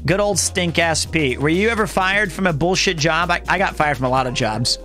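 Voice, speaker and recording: A man's voice: on the high side, a little fast, pushed and bright, faint music behind. A man in his thirties chatting casually with viewers on a live stream, rambling through jokey, self-mocking stories.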